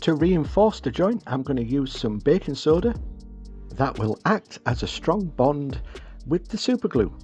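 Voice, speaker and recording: Wry British man, lively pitch. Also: measured pace, muffled recording, faint music behind. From Britain. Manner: wry, self-deprecating humor. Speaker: scratch-build hobby channel host. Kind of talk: voice-over narration of a craft build.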